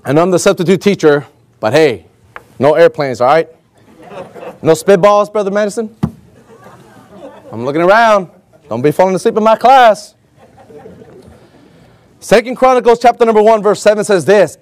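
A young man preaching a lively, joking sermon as a substitute preacher, acting out little scenes and slowing down to read scripture with emphasis. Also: sits high, dry recording. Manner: slow, emphatic scripture reading.

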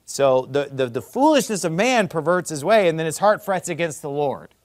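A male pastor delivering a blunt, fiery sermon. His voice sits a little high for a man, and he swings from loud, hammering emphasis down to low, muttered asides. The sound is close and dry. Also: expressive, moderate pace, no room sound.

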